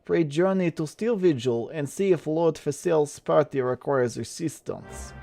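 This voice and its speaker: A solemn quest giver from a video game , put on by a man with a broad mock Russian accent. The voice sits a little high and reads the orders out slowly and gravely. Faint music runs underneath. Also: mellow. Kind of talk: reading game dialogue aloud.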